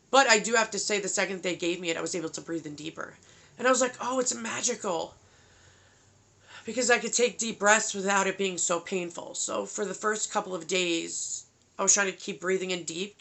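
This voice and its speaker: Gravelly-voiced woman in her thirties, candid. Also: medium pitch, pushed and bright. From New York. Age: 30s. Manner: candid, emotional, says bro. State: tearful, exhausted. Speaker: vlogger. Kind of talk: personal video diary.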